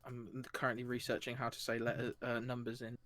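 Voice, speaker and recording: A man's voice: mid-range voice, monotone, a little fast, fairly bright tone, dry recording. A man playing a tabletop game, explaining his plan in a rambling, hesitant way. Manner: rambling, hesitant, self-correcting. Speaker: player. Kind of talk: casual tabletop role-play chat.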